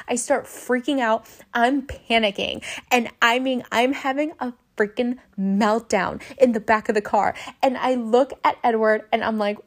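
A woman's voice: a little high, a little slow, few pauses. A young woman hosting a podcast, telling a personal story casually and animatedly, swearing and acting out her own panicked lines. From Southern California. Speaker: podcast host.

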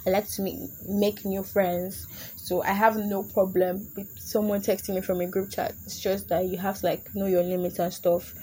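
A woman's voice: medium pitch, level tone, moderate pace, few pauses, dark tone, a little hiss or hum. A young adult woman hosting a casual comedic podcast, chatty and laughing often as she slips into put-on voices. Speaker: podcast host.

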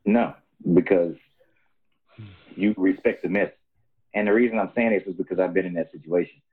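Deep husky man on a tinny line. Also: moderate pace. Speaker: guest fighter. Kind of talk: casual podcast chat.

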